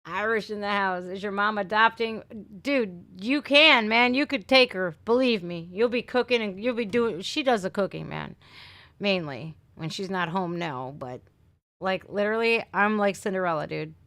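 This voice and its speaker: Reading viewer comments on a laid-back livestream, this middle-aged Northeast Ohio woman talks at normal speed in a medium-pitched, fairly bright voice. There's no echo in the recording. She's a chatty host who cusses freely and drops "man" and "dude" constantly.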